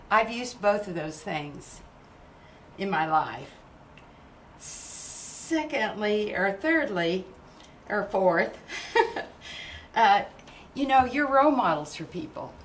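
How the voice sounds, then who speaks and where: A woman's voice: mid-range voice, slight background noise. An older woman giving a numbered advice speech, rambling and losing count, with many "uh"s.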